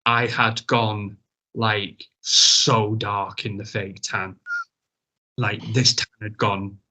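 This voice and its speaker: A man's voice: lowish voice, flat delivery, slow pace, pushed and bright. Rambling man telling stories. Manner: rambling, self-mocking, swears freely. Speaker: guest wrestler. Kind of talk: casual storytelling chat.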